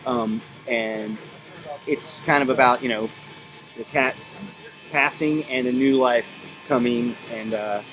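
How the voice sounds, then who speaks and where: A relaxed man chatting about his band's songs and tours in an easygoing interview, with plenty of fillers as he thinks aloud. His voice sits at an ordinary middle pitch. Loud music plays behind him. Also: takes it slowly, rough recording. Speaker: band member. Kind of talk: casual interview chat.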